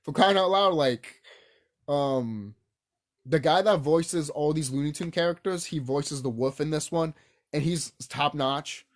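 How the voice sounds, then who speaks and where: A man giving a casual, unscripted cartoon review, rambling and swearing, with many fillers and restarts and sudden jumps in pitch and loudness. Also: measured pace. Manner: excitable, big swings in pitch and loudness.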